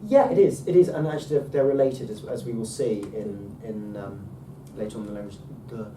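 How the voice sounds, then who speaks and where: A man's voice: lowish voice, a little fast, mellow. Patient male tutor, roomy distant sound. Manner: patient, hesitant, many ums and restarts. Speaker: Ancient Greek tutor. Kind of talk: relaxed one-to-one teaching. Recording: roomy, far from mic, faint noise.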